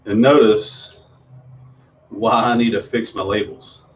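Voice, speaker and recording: A man's voice: on the low side, fairly even intonation, slow, slight background noise. Chatty man doing magic, distant and muffled. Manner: chatty and rambling, full of ums and restarts. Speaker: children's magician. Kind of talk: performing magic tricks for kids on a video stream. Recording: distant, dull home video sound.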